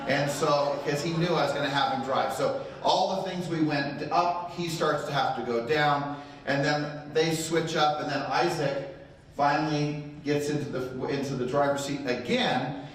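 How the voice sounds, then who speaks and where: A middle-aged man with a slightly high voice tells a story to a live audience and acts out the lines of the people in it. He is recorded from a distance in a very echoey room. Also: unhurried. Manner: animated storyteller acting out quotes. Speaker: real estate training speaker. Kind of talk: motivational talk to a live audience. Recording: very echoey room, voice far from mic.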